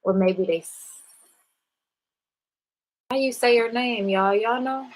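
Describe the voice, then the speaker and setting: A woman's voice: fairly high pitch, slow, poor audio. A woman hosting a casual spiritual talk, speaking bluntly and with profanity straight to her viewers. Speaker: spiritual live-stream host.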